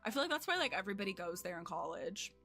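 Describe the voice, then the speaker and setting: A young woman streamer chats casually from home, her voice bright and clear over faint background music. She rambles and pokes fun at herself, with plenty of fillers. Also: mid-range voice, big pitch swings, rapid-fire. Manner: rambling, self-deprecating, lots of fillers. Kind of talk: casual chat with chat while gaming.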